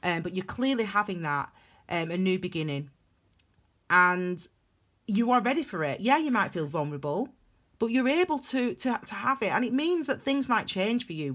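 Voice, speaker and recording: Animated woman reading tarot. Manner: animated, emphatic, repeats phrases for stress, big swings in pitch and loudness. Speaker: tarot reader. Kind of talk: casual intuitive tarot reading to camera.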